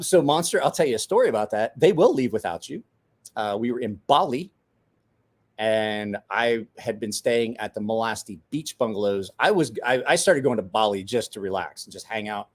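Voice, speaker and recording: A man in his forties, a podcast host telling a rowdy story in casual chat, swearing, laughing and acting out the voices of the people he quotes. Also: mid-range voice.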